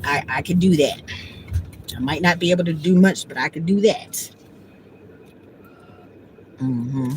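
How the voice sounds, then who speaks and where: A woman's voice: on the low side, background noise. A woman, blunt and talking about herself by name in a casual livestream monologue. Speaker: vlogger.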